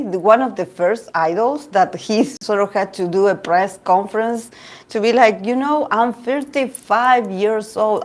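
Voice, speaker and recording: A woman host chatting casually about idol news, gossipy and quick to laugh, often restarting her sentences. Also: lowish voice, a little mellow. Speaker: tarot reader and channel host. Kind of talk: casual chat reading live comments.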